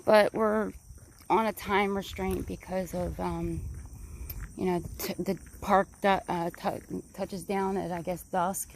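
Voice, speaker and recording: A woman's voice: on the low side, takes it slowly, vocal fry. Chatty breathless woman on a woodland trail. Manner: chatty, rambling, excitable. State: slightly out of breath. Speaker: vlogger. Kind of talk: casual walking vlog narration. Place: wooded park trail outdoors. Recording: outdoor recording, crickets and faint background noise.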